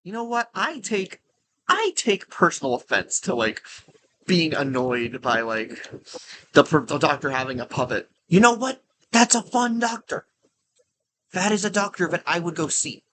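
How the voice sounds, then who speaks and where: Rambling male gamer, talks in restarts and fillers, slightly high voice. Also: sharp tone, slight background noise. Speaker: game streamer. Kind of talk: casual commentary while playing.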